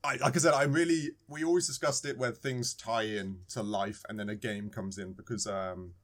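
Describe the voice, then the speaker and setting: A man's voice: on the low side, steady tone, normal speed, fairly bright tone. A man with a British accent co-hosting a podcast, chatty and teasing. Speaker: podcast co-host. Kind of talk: casual chat.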